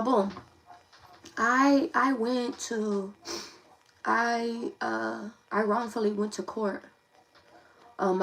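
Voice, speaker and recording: A woman's voice: mid-range voice, low-quality recording. A young woman, reading tarot casually to camera in a confiding, emphatic way that repeats itself. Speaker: tarot reader.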